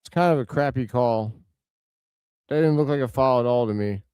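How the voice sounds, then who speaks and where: Smooth-voiced man calling a game live. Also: medium pitch, normal speed, no echo. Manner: casual, chatty play-by-play answering viewers' comments; excitable outbursts over big plays. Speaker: live stream host. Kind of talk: live watch-along game commentary.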